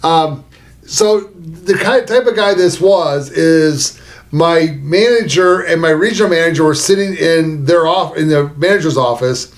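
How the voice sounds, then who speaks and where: A man's voice: a little high, measured pace. A man co-hosting a podcast, telling a crude, joking work story in casual chat. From American South. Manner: crude, joking, acts out quoted voices. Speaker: podcast co-host.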